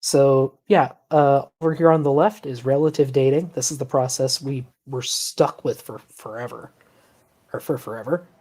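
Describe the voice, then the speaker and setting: A man hosting a casual reaction stream, calmly explaining science points to his audience. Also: medium pitch, normal speed. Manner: relaxed, explanatory, sighs and laughs at the clip. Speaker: stream host.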